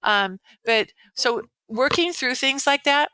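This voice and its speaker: A woman's voice: sits high, expressive, slow pace, bright, forceful tone, smooth, no room sound, rough recording. A woman in her sixties, a veteran educator, giving parenting advice in a casual interview, earnest and rambling with many restarts. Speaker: veteran educator, podcast guest.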